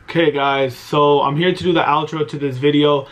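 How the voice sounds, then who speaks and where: A man's voice: on the high side, little pitch movement, moderate pace, noisy background. A man in his twenties venting in an exasperated, self-pitying rant about his team losing, filmed at home late at night. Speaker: vlogger. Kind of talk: venting sports reaction vlog.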